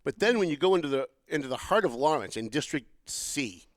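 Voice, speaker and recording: A middle-aged podcast host chats casually about politics and tells animated stories, voicing the lines people said to him. His voice leans to the high side and he talks briskly. The recording is dry.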